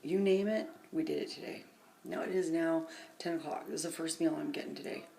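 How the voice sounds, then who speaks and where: A tired middle-aged woman vlogging from her phone, telling a long, rambling everyday story and often dropping into a hushed half-whisper. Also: sits low, steady tone, brisk, creaky, a little hiss or hum. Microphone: phone camera.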